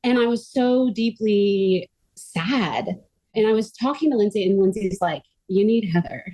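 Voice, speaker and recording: A middle-aged woman telling her story as a podcast guest, earnest and animated, full of "like" fillers. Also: mid-range voice, measured pace. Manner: earnest and animated, frequent "like" fillers, quotes others in her own voice. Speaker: podcast guest, myofascial release therapist. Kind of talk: conversational interview storytelling.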